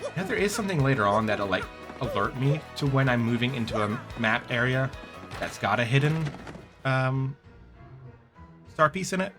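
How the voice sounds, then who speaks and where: A man's voice: mid-range voice, animated, moderate pace, long pauses, music in the background. A man casually commenting while he plays a video game, chatty and self-mocking. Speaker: game streamer.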